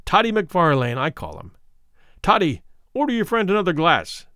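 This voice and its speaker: A man's voice: high-pitched, wildly swooping pitch, moderate pace, sharp tone, clean tone, no echo, studio quality, heavily acted. A man voicing a coarse, domineering small stranger who mocks and bullies his companion in a spoken story. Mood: taunting. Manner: mocking, bullying taunts.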